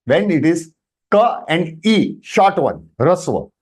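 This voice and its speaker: Lively Indian man teaching an online class. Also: a little high, slow pace, breathy edge. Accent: Indian English. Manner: animated explaining, often checks with "Am I right?"; mixes Hindi phrases into English. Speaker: Sanskrit teacher.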